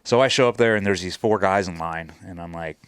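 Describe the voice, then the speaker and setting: A man's voice: low voice, brisk, fairly bright tone, a little hiss or hum. A man, a former military chief, telling stories in a casual podcast conversation. He swears freely and acts out the dialogue in his stories. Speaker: podcast guest, former Navy SEAL chief.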